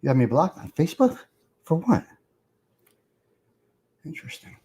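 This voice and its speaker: A man's voice: on the high side, sing-song, a little fast, warm tone. Profane rambling man on a live stream. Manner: rambling, profane, chats with viewers in the comments. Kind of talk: casual live-stream chat.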